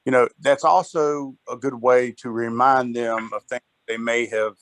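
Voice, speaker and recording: A man's voice: medium pitch, steady tone, a little slow, a bit bright, dry recording, low-quality recording. Rambling man on a dry line. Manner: rambling, many fillers. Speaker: sales agent. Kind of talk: team call, casual chat.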